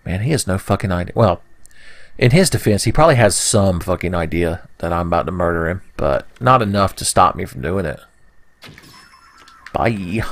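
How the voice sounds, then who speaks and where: A man's voice: low-pitched, animated, moderate pace. A man giving crude, rambling commentary over his own gameplay. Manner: rambling, crude jokes, mock voices for enemies. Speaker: gaming video host.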